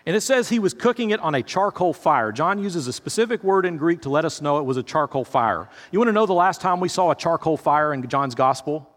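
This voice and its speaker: A man's voice: on the high side, expressive, fairly quick, hardly any pauses, a bit bright. A male pastor preaching a sermon in a conversational, storytelling way, speaking straight to his listeners. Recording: reverberant hall.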